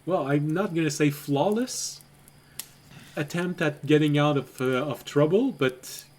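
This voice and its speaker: A man narrating as game master of a tabletop game, relaxed and laughing often. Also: on the high side, unhurried.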